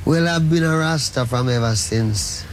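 Brief: radio host doing a lazy drawling Rasta bit, mid-pitched man's voice. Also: normal speed, slight background noise, close to an everyday voice. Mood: playful. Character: laid-back male Rasta with a Jamaican lilt.

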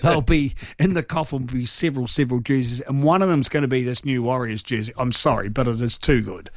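A man's voice: medium pitch, quick pace, no room sound, clean studio sound. A middle-aged man from New Zealand hosting a sports radio show, chatty and joking at his own expense, rambling with filler words. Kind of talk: casual live radio chat.

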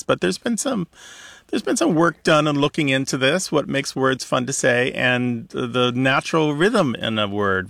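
A man co-hosts a radio talk show with a gravelly, fry-tinged voice. He explains ideas in a chatty, easy way. The sound is close and dry, like a studio mic. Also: mid-range voice, a bit bright, no echo. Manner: explanatory, chatty, with laughs and ums.

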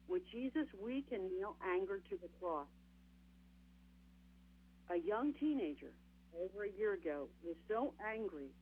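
A woman delivers a sermon with a husky, breathy edge, her pitch rising and falling widely. She presses her points by repeating them and calls out to her listeners as friends. The sound is narrow and tinny, like a radio call-in line. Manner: emphatic, repeats key phrases, addresses listeners as my friends. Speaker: preacher.

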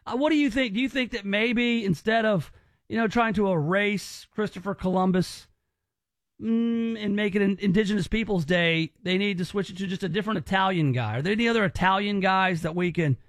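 A man's voice: sits high, no echo. A male radio host running a call-in game, teasing and bantering with energy.

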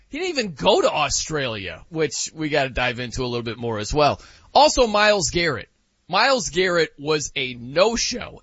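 A man's voice: on the high side, slightly rough, no room sound, highs cut off. A man hosting a casual sports talk show who jokes and fires off rhetorical questions. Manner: animated, joking, rhetorical questions.

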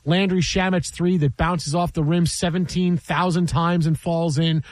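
A man's voice: a little high, steady tone, normal speed, no echo. A man hosting a sports talk show, emphatic and sarcastic, riffing in mock quotes.

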